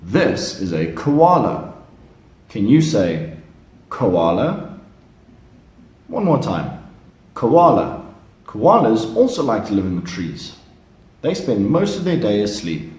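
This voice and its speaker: A man teaching young children animal words from flashcards, with slow and encouraging repeat-after-me prompts. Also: lowish voice, big pitch swings, a little mellow. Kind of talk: slow flashcard lesson for kids. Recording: roomy echo.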